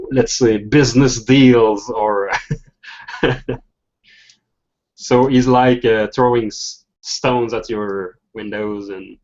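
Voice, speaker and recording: Slow, halting male game master. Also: lowish voice, a little mellow. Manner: halting, laughs between phrases. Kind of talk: narrating a tabletop game. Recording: dull lo-fi recording.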